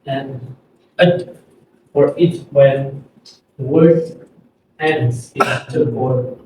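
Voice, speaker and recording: A man with an Indonesian accent, teaching an English pronunciation lesson and repeating words slowly for students to copy. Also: mid-range voice, a little mellow, a little hiss or hum. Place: classroom. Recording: echoey room, far from the mic.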